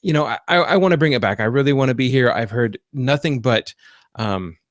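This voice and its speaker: A man hosting a casual podcast, talking loosely with plenty of "um"s and restarts. His voice sits at an ordinary middle pitch, and the sound is close and dry. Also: brisk, no room sound. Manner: rambling, many restarts and fillers. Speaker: podcast host; computer repair business owner.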